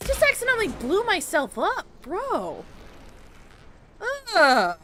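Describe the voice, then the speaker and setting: This VTuber's voice is extremely high with huge pitch swings, and she speaks slowly over background noise. Chatting playfully during her live gaming stream, she rambles across topics and talks back to the game.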